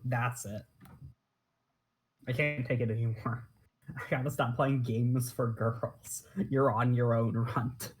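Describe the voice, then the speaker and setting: A woman's voice: extremely low pitch, fairly even intonation, slow pace, long pauses, slightly rough, exaggerated voice, poor audio. A woman voicing a grumpy, scornful male troll teen, in a mocking, exasperated way while reading a comic aloud with friends.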